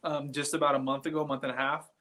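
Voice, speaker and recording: A man talking as a guest paranormal investigator on a live show, rambling and excitable as he tells stories from inside an old building at night. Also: fairly high pitch, quick pace, noisy background. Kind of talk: casual live chat from an investigation site.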